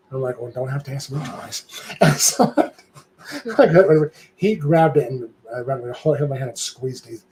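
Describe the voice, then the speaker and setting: An older man chatting on a live stream, spinning a lively anecdote and slipping into the voices of the people in it. His pitch sits in a middle range, and a faint hiss runs beneath his voice. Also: poor audio. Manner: animated storytelling, acting out quoted voices. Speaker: guest. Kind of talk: casual live-stream chat.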